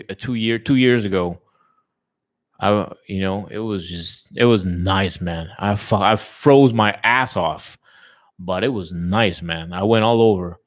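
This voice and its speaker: A relaxed man with a lowish voice hosts a channel, chatting casually and live with his viewers in a rambling way, swearing often and using many fillers. He lives in a tourism-based place and has lived abroad.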